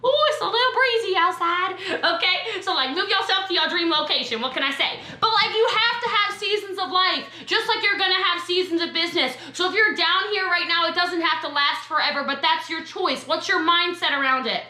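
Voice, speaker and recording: A woman's voice: very high voice, pushed and bright, echoey room. A woman giving a sassy, emphatic motivational training talk to network marketers. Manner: sassy, emphatic, quick asides.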